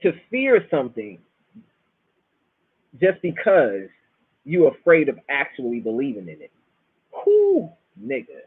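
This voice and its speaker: A man's voice: mid-range voice, big pitch swings, a little slow, pauses often, husky, dry recording. A man with a Florida accent rambling through a casual, slang-filled monologue as host. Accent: Southern US, Florida. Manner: profane, laid-back slang, storytelling. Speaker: show host. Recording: dry, tinny phone-like sound.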